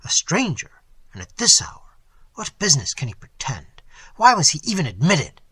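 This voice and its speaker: A man's voice: fairly high pitch, wildly swooping pitch, normal speed, fairly bright tone, slightly rough, no room sound, full character voice. A man voicing a proud, scornful prince who speaks in an imperious, archaic way. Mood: startled.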